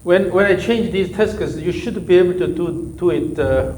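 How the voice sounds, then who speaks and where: A man's voice: sits high, moderate pace, darkish tone, slight background noise, rough recording. Korean-accented man coaching a golf swing. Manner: short repeated instructions, non-native phrasing. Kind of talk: coaching a student during practice.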